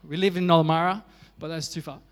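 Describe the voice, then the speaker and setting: A man's voice: a little high, fairly even intonation, fast talker, long reverb tail. An Australian man preaching a sermon as pastor, telling stories with humor and animation. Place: church.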